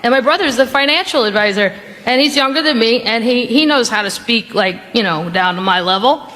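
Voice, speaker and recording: A woman's voice: on the high side, animated, fairly quick. A woman stand-up comedian telling rambling, self-mocking stories on stage in a comedy club. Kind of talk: stand-up routine. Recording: reverberant club with loud audience laughter.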